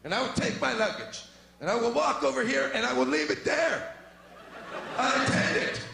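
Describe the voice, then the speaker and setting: A man doing a stand-up routine, animated and shouting his punchlines. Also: very high-pitched, normal speed, gravelly, very noisy. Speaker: stand-up comedian. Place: comedy club stage. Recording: echoey club recording with loud crowd.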